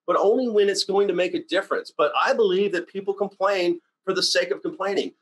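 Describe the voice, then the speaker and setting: A man talks through a casual motivational training session. His voice sits a little high for a man, and he comes across as blunt and animated, rambling from one story to the next. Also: fairly quick, low-quality recording. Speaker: company CEO giving sales training.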